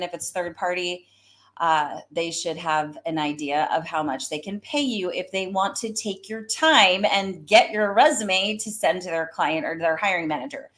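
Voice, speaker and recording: A woman with a slightly low voice and a Southern US accent, hosting a live career-advice stream on her own. She talks as a recruiter, chatty and fired up, with plenty of fillers along the way. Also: a bit bright. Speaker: host, recruiter.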